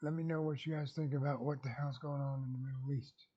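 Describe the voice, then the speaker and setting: A man's voice: medium pitch, level tone, fast talker, mellow, breathy edge, dull audio. A man vlogging casually, rambling folksily and chuckling at his own jokes. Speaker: YouTube vlogger.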